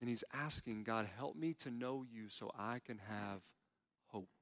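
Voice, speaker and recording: A man's voice: mid-range voice, measured pace, fairly bright tone, long reverb tail. A man preaching a sermon, earnest in tone, voicing heartfelt pleas as he quotes prayers. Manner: earnest, pleading when quoting prayers. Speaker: pastor.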